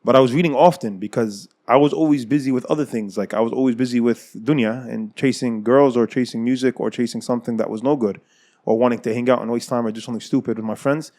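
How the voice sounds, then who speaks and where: A man's voice: medium pitch, fairly even intonation, a little mellow. A man in his thirties, an Islamic scholar telling his personal story as an interview guest, often repeating and rephrasing his words. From United States. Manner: fast, repeats and rephrases phrases.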